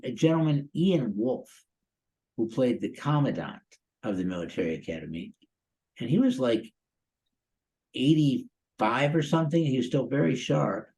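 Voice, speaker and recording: A man's voice: medium pitch, warm tone, slightly rough, low-quality recording. A man in his sixties from the Chicago area, a guest actor telling stories in a casual interview, rambling and upbeat with lots of "you know" and "um". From Chicago area, USA. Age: 60s.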